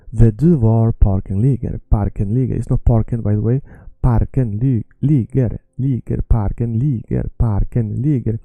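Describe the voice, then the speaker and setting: A man with a Swedish accent teaching his language in a patient lesson, repeating words slowly for learners. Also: mid-range voice, warm tone, no echo, poor audio.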